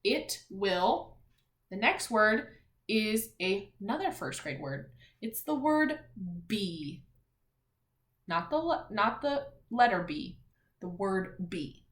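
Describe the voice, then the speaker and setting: A woman teacher leading a reading and spelling lesson for young children, sounding out letters and words in a clear, encouraging way. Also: mid-range voice, sing-song, slow, long pauses, a bit bright, echoey room.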